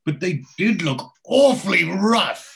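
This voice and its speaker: A man's voice: high-pitched, very animated, slow pace, gravelly, pitched above the performer's own voice, heavily acted. A man voicing a nosy, posh older village lady who talks in a prim, genteel way.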